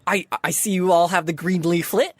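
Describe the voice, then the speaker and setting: A bubbly, eager cat-faced sphinx lady chirps up high and bright, as a woman puts her on. She is all helpful cheer, sounding close and dry in a small space. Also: fairly even intonation, moderate pace, breathy edge, dry recording. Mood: perky. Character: perky female sphinx convention helper.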